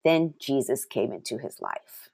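Low-voiced woman preaching with lively emphasis. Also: creaky, slightly rough. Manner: emphatic, slows down to stress key words; personal testimony mixed with Bible reading. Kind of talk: sermon with scripture reading.

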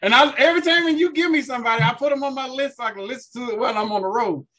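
A man's voice: extremely high pitch, racing, sharp tone. A man co-hosting a casual music review podcast, slangy and laughing often as he talks. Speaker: podcast co-host.

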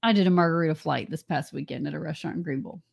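A woman's voice: sits low, racing, vocal fry, husky. A woman co-hosting a podcast, chatting frankly and teasing her co-host. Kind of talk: casual chat.

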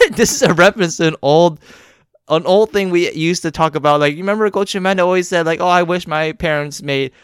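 A young man from the United States hosting a casual podcast, playful and quick to laugh. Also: high-pitched, clear, resonant tone, no room sound, clean studio sound. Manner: playful, laughs often, animated delivery. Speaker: podcast host.

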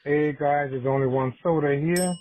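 Voicemail caller, male, relaxed and hesitant, muffled recording with faint hiss. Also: on the high side, normal speed. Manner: laid-back, amused, hesitant. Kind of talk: voicemail message.

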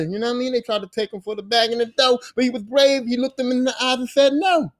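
High-voiced animated man telling stories. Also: fast, hardly any pauses. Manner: animated, rapping lyrics and swearing freely. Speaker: podcast host. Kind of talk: casual storytelling monologue.

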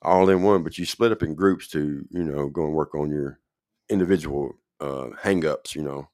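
A man's voice: extremely low pitch, normal speed, a little mellow, no room sound, studio quality. A man telling his own recovery story in a casual, rambling way, often checking in with the listener.

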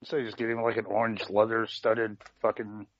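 A man's voice: fairly low pitch, flat delivery, a little fast. A man co-hosting a podcast in casual chat, laid-back and agreeable. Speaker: podcast co-host. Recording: lo-fi recording.

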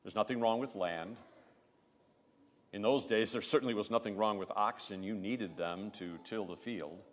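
A male pastor delivering a sermon in a measured, emphatic way, pressing hard on key words. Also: on the low side. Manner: emphatic, measured preaching with rising stresses. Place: church. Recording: long church reverb.

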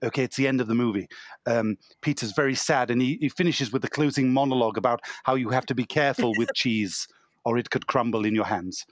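A man's voice: mid-range voice, fast, no room sound, clean studio sound. A man in an improv comedy show, playing a fussy, effusive film director who stumbles over his words.

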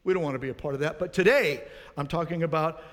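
A man's voice: on the high side, fast talker, a bit bright, big-room sound. A man preaching a sermon as pastor, earnest, putting rhetorical questions to his congregation.

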